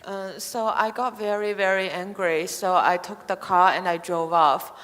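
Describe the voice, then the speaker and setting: A woman's voice: mid-range voice, fairly even intonation, measured pace, fairly bright tone. A woman interpreting a student's story into English, speaking in short, hesitant phrases. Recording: distant mic with hall reverb.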